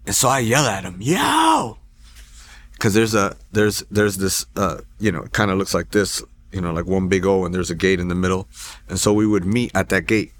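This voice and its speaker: A man telling his personal faith testimony at a church, in a casual, animated storytelling way that acts out quoted lines, with frequent restarts. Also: low voice, a little fast. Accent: Texan. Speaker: testimony speaker.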